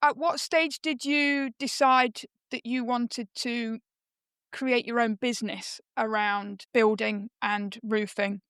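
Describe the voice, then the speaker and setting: A woman's voice: on the high side, fairly even intonation, slow pace, a bit bright, clean tone, dry recording. A woman hosting a podcast interview, encouraging her guest with short affirmations and questions. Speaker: podcast host.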